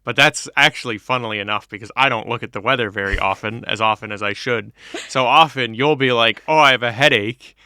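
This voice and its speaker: Easygoing man co-host from New Hampshire, very bright tone, dry sound. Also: medium pitch, a little fast, no room sound. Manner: easygoing, joking, laughs a lot. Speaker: podcast co-host. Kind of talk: casual history chat.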